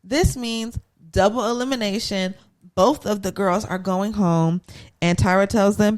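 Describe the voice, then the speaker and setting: Unhurried and darkish in tone, this mid-range female voice walks her co-hosts through a reality show episode. Her casual recap wanders through asides, with playful impressions of whoever she's quoting.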